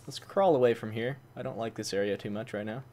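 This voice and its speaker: A man doing excitable gameplay commentary, who swaps swear words for mild ones like "fudge" and breaks into loud, high-pitched outbursts. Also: fast. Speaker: gaming channel host. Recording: faint game noise behind. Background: gunfire from the game.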